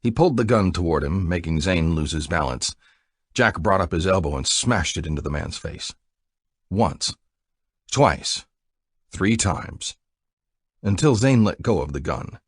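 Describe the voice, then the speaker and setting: A man giving an expressive, dramatic audiobook narration. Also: sits low, unhurried, long pauses, breathy edge, dry recording, studio quality.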